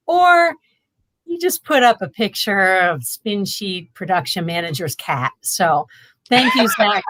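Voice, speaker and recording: A woman's voice: medium pitch, lively intonation, slow pace, fairly bright tone. A woman who edits a magazine, telling stories in a chatty, amused way on a casual chat show. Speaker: magazine editor-in-chief.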